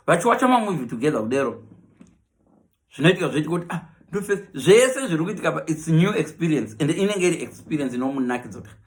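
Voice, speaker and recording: A man with a Zimbabwean accent delivers a comic monologue. His voice sits a little high and swings up and down a lot as he moves between Shona and English and acts out his characters. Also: very animated, fast talker. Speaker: comedian.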